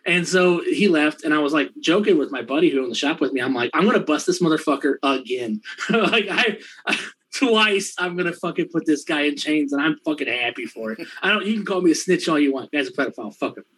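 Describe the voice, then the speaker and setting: A man's voice: on the high side, animated, fairly bright tone, slightly rough, poor audio. Profane, laughing man telling a story. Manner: profane, laughing anecdotes with quoted dialogue; quick, rambling delivery with fillers. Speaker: storyteller in a conversation. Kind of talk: casual chat.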